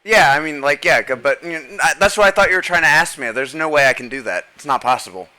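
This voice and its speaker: A man chatting casually on a stream, halting and full of restarts. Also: on the high side, animated, sharp tone, rough recording. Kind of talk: casual chat.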